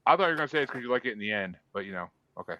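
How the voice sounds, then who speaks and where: A man's voice: medium pitch, animated, very fast, pushed and bright, no room sound, dull audio. A man hosting a podcast in casual chat, swearing freely as he runs the voting. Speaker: podcast host.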